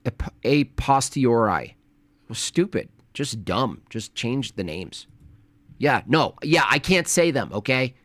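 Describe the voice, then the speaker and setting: A man's voice: medium pitch, very animated, a little slow, a bit bright, dry recording. A man hosting a live stream, reacting to a debate clip in casual chat with a mocking, sarcastic manner.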